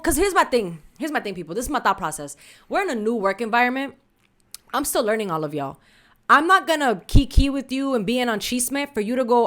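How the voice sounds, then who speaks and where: A woman's voice: a little high, big pitch swings, brisk, fairly bright tone. A woman podcast co-host telling a candid story in casual chat, full of slang and Spanish asides.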